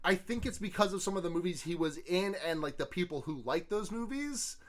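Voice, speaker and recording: A woman's voice: fairly low pitch, animated, a little fast. A woman hosting a podcast in casual chat, rambling with many restarts and fillers. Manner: rambling, stammering restarts, lots of "like". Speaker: podcast host.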